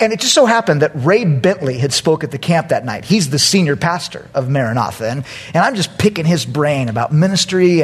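A male pastor tells a story in his sermon with a husky, high voice. He swings his pitch widely and acts out every quote with loud, animated energy.

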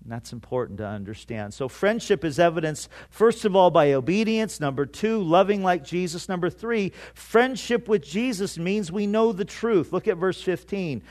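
A man preaching a sermon to a congregation, emphatic, with dramatic pauses and repeated phrases. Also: high voice, expressive, darkish tone. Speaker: pastor.

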